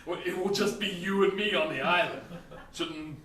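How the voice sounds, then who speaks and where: A man's voice: high-pitched, moderate pace, sharp tone. A man playing a cautious, boastful male companion who frets in a live stage improv scene. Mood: fretful. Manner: fussy, theatrical, worried. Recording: echoey theatre, far from mic.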